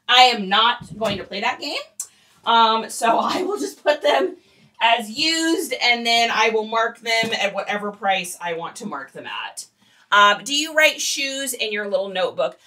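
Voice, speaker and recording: A woman's voice: on the high side, expressive, normal speed, bright, forceful tone, recorded from a distance. A woman who resells online, chatting casually and rambling while she photographs shoes. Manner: chatty and rambling, with fillers and laughs.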